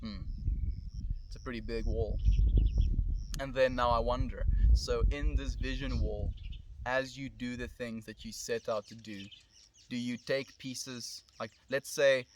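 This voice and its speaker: Outdoors in the country, a South African streamer muses aloud in a loose, thoughtful livestream monologue that drifts between ideas. His mid-range voice is picked up by a camera mic, with slight background noise.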